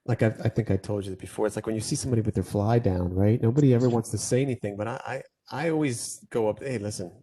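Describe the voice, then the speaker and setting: A man hosting a business podcast, easygoing and quick to laugh along with his guest. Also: fairly low pitch, warm tone. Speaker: podcast host. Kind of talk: casual interview chat.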